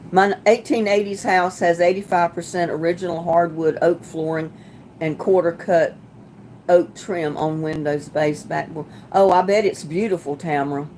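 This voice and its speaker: A woman hosting a casual livestream, chatting with viewers as she reads their comments, sympathetic and quick to laugh. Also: lowish voice, fairly even intonation, darkish tone, a little hiss or hum. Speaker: livestream host.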